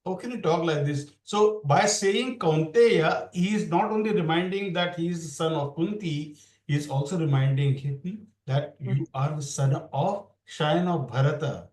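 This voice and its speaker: A man's voice: on the high side, moderate pace, few pauses, a little mellow. A man teaching a Bhagavad Gita class in a loose, rambling way, often restarting his sentences. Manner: rambling, restarts, mixes English with Hindi. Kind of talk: explaining scripture in a casual class. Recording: roomy sound, far from the mic.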